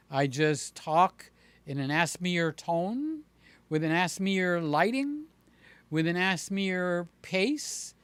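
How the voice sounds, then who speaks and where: A man's voice: fairly bright tone, clear, resonant tone, no echo. A man hosting a casual livestream, reading viewers' chat aloud and talking back to them by name, with a playful streak. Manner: slow, chatty, talks to viewers by name; breaks into a high playful voice to entertain a child.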